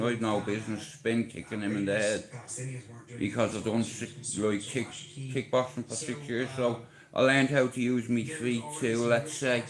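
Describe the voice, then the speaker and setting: A man's voice: mid-range voice, poor audio. Taunting, aggressive Irish man ranting. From Ireland. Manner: aggressive, taunting and boastful, heavy swearing; challenges his target directly. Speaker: livestreamer. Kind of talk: livestream rant to camera.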